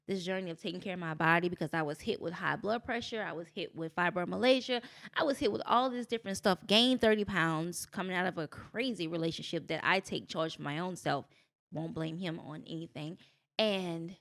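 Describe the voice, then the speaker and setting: Guesting on a podcast, this middle-aged business owner tells lively, expressive personal anecdotes, voicing quotes dramatically and speaking with faith. Her voice leans toward the low side.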